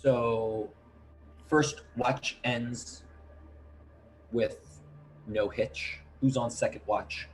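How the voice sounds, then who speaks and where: A man narrating a tabletop game as game master in an unhurried, halting way, with many fillers. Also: medium pitch, fairly even intonation, soft background music, rough recording.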